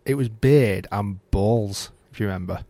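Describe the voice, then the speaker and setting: A man hosting a casual podcast, explaining things in a relaxed way with quick restarts. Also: on the low side, no room sound. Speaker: podcast host.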